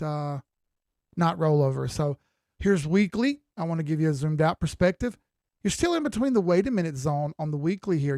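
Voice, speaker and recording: A tired, yawning man chats loosely through live-stream commentary on crypto charts, using folksy slang and repeating phrases conversationally. His voice is on the high side and mellow with vocal fry. The sound is clean studio quality with no room sound.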